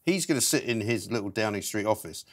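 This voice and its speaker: Man, talk show host, fast talker, lively pitch, wry panel banter. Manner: quick, animated and wry. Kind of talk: casual panel chat.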